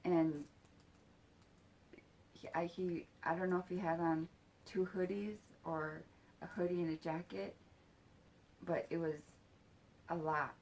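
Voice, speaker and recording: A woman telling a personal story in a halting, soft-spoken way, with casual swearing. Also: on the low side, flat delivery, slight background noise.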